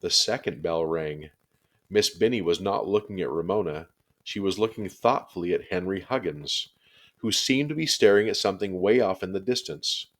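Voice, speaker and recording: This children's chapter book is read by a man whose voice is very low and deep. His delivery is steady yet expressive, moving at a moderate pace meant for young ears.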